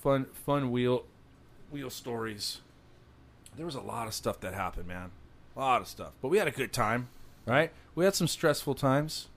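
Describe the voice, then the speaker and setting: A man chatting as a guest, telling lively workplace stories and acting out what people said, with many restarts. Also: medium pitch, normal speed, gravelly. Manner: animated, acts out quoted dialogue, many restarts. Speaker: guest, former wheel salesman. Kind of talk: casual storytelling chat.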